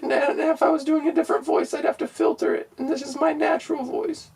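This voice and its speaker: A man putting on a squeaky raspy pop-star lady. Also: little pitch movement, fast talker, a little mellow, distant mic. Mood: pleading. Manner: whiny, fretful and earnest. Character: shrunken kidnapped female pop singer, squeaky, self-conscious. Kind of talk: comedy podcast improv.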